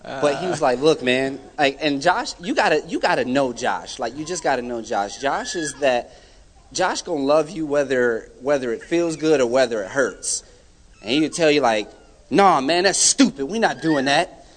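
A young man giving a personal testimony at church, telling his story with lively, animated delivery and acting out the people he quotes. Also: medium pitch, normal speed. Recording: hall reverb.

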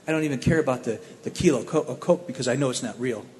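A man from the Cleveland area telling his own testimony in a plainspoken, animated storytelling way. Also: mid-range voice, fast, in a large hall, a little hiss or hum.

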